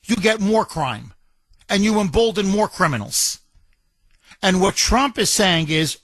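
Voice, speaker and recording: A man's voice: high voice, animated, a little slow, fairly bright tone, no room sound. A man hosting a talk radio show, delivering a combative, emphatic and mocking monologue from a studio microphone.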